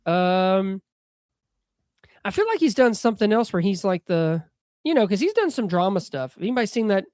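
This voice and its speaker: A man's voice: sits high, very animated, normal speed, a little mellow, no room sound, studio quality. A man co-hosting a casual movie podcast, talking in a rambling, hesitant way. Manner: rambling, hesitant, lots of fillers. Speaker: podcast co-host. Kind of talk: casual chat.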